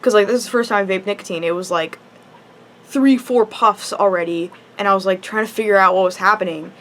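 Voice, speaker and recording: A woman's voice: mid-range voice, fairly quick, fairly bright tone. A teenage girl chats through a personal story for her vlog. She rambles, restarts her sentences and fills them with "like" in a loose, casual way. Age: teens. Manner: rambling, chatty, full of "like" and restarts. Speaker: high school student.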